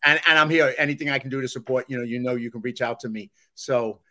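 A man's voice: medium pitch, steady tone, quick pace, bright, forceful tone. A man with a New York accent hosting a podcast in casual, friendly chat. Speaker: podcast host.

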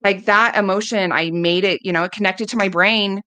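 A woman's voice: mid-range voice, steady tone, moderate pace, sharp tone, clear, resonant tone, no echo. A woman in her thirties, a coach, telling a heartfelt personal story in a casual interview, often quoting herself. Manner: earnest, emotional, quotes herself often.

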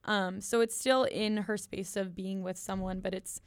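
Chatty young woman with a smooth voice. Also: medium pitch, fairly even intonation, moderate pace, no echo. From United States. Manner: chatty, lots of ums and likes, giggly asides. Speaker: podcast co-host reviewing an album. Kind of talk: casual chat.

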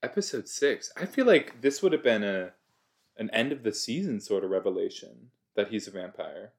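Animated man reacting to a TV show. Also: lowish voice, moderate pace. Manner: chatty and excitable, gasps and exclaims at the scenes. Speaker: reaction video host. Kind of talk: reaction commentary while watching a TV episode.

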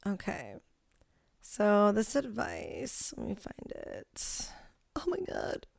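A woman's voice: mid-range voice, wildly swooping pitch, takes it slowly, vocal fry, a little mellow, no echo, whispered, clean studio sound. A young adult woman co-hosting a podcast in casual chat, blunt and teasing, laughing often. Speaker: podcast co-host.

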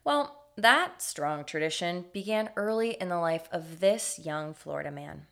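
A woman podcast co-host telling a true-crime tale in scripted comic narration, measured and deliberate. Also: fairly low pitch, animated, creaky, a bit bright.

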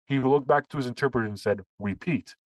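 Male podcast co-host, mid-pitched, dry close sound, animated storyteller. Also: rapid-fire, no room sound. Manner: animated storyteller, acts out quotes. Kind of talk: casual political chat.

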